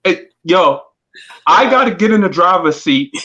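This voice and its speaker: A man in a casual group chat, an animated storyteller who acts out the quotes. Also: high-pitched, a little slow. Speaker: podcast crew member. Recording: lo-fi dull sound.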